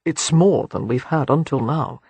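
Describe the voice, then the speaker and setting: A man playing a brooding, war-scarred young gentleman who speaks in a quiet, measured, grave way, with a husky tone. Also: a little high, dry recording, heavily acted.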